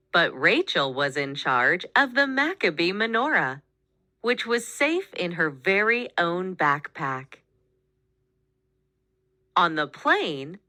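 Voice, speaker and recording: A woman reading a children's picture book aloud, with expressive, animated storytelling. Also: on the low side, dry recording, clean studio sound. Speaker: storybook reader.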